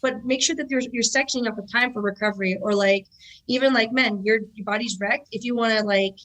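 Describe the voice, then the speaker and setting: A woman in her thirties, a jiu-jitsu black belt and instructor, talking casually on a podcast in a chatty, animated way full of filler words. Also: fairly high pitch, a little fast, low-quality recording. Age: 30s.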